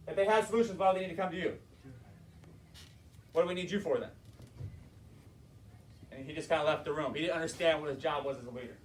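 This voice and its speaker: A man's voice: a little high, fairly bright tone. A man telling a story in an impassioned motivational talk on leadership. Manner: impassioned storytelling, acts out characters. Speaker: motivational speaker, school board member. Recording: roomy, distant mic.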